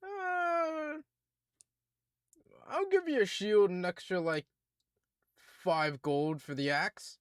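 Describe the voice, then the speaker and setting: Man doing a short dwarf smith, put-on British accent, loud, grumbling, cursing, high voice. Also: takes it slowly, long pauses, clear, resonant tone, dry recording, studio quality. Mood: gruff. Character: tiny gruff male dwarf blacksmith.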